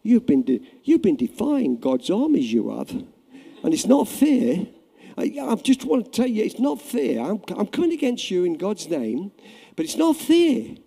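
A man's voice: high-pitched, huge pitch swings, moderate pace, vocal fry, dark tone, husky, voice pushed up, full character voice. A preacher doing a timid whining shepherd boy. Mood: whiny. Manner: feeble, complaining, hesitant.

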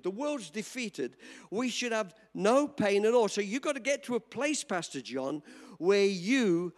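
A high-pitched, lively male pastor preaches to his congregation, joking and then driving his points home with emphatic bursts. His voice swoops up and down as he goes. Long reverb from the church hall trails behind every phrase. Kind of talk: sermon.

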